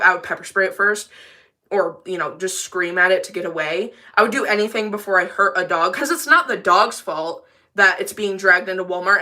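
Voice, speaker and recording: A woman's voice: medium pitch, pushed and bright. A woman with a service dog ranting casually and defiantly on a livestream from her bathroom, rambling and emphatic.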